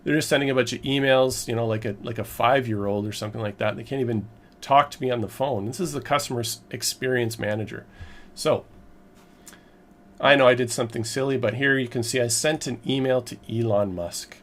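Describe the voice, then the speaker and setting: A man tells his story straight to the camera in a loose, rambling vlog style. His voice sits in an ordinary middle pitch, and his emphatic, exasperated delivery keeps the telling lively. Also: brisk. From Canada. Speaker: vlogger recounting a purchase.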